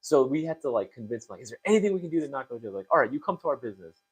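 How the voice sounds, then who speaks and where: A young man in casual chat, telling animated stories with lots of fillers and restarts. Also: mid-range voice, husky. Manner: fast, animated storytelling with many fillers. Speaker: co-host of a store talk show.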